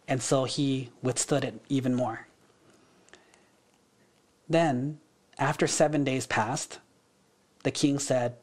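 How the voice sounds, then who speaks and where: A man, a monk teaching a class, telling a story in a relaxed, conversational way with frequent fillers. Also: medium pitch, slow pace, pauses often. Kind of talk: casual storytelling.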